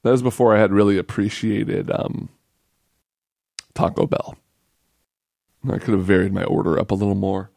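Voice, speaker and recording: A man's voice: fairly low pitch, fairly even intonation, moderate pace, vocal fry, long pauses, a little mellow, no echo, clean studio sound. Rambling, joking male podcast host. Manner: rambling, joking, self-mocking. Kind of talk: casual solo podcast chat.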